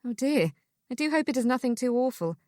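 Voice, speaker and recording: A woman voicing a proper, practical married older sister who speaks briskly, in an audiobook. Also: a little high, animated, a little mellow, dry recording, clean studio sound, voice pushed up, natural voice. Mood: concerned.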